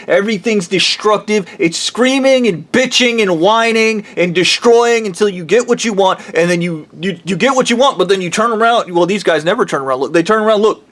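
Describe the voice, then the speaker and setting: A man ranting heatedly in a rambling, profane vlog monologue. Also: high voice. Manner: heated, rambling, swears freely. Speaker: vlogger.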